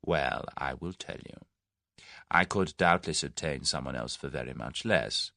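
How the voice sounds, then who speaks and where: A man's voice: extremely low pitch, animated, moderate pace, vocal fry, bright, forceful tone, no room sound, studio quality, voice pushed down, heavily acted. A man doing a suave scheming businessman. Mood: persuasive. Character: smooth, scheming middle-aged businessman, genial then menacing.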